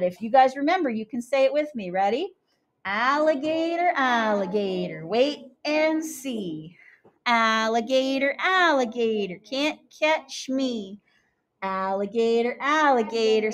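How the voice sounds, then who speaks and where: A young woman teaching young children, animated and sing-song as she chants rhymes and talks through each step. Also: fairly high pitch. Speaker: kindergarten teacher.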